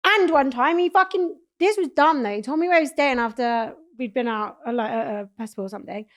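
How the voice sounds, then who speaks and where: A young woman from England, guest on a talk show, telling stories in animated casual chat and swearing freely. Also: sits high, quick pace.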